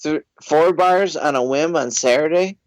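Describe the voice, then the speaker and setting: A middle-aged man co-hosting a casual podcast, easygoing and halting, laughing often. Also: a little high, no room sound, poor audio. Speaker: podcast co-host. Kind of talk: casual comedy podcast banter.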